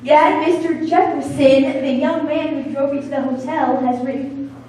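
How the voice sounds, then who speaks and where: A woman's voice: sits high, steady tone, normal speed, background noise, lightly acted. A teenage girl on a school stage playing a dry, sardonic secretary. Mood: wry. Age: teens. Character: dry, wry woman secretary. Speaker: student stage actor. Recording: echoey stage from far off.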